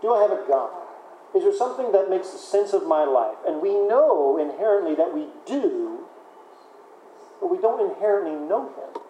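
A man's voice: high-pitched, very animated, moderate pace, warm tone, roomy sound, a little hiss or hum, low-quality recording. A man preaching a sermon in a conversational way, often repeating words and using fillers. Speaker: pastor.

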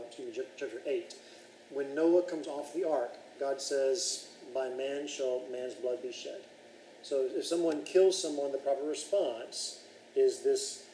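A man's voice: mid-range voice, warm tone, echoey room, slight background noise, poor audio. A man leading a Bible study class, reading scripture aloud and then explaining it and questioning his students.

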